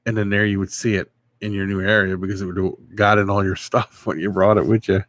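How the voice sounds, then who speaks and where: A man's voice: low-pitched, flat delivery, quick pace, a bit bright. A man hosting a casual livestream, answering viewers and rambling through a story. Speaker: livestream host.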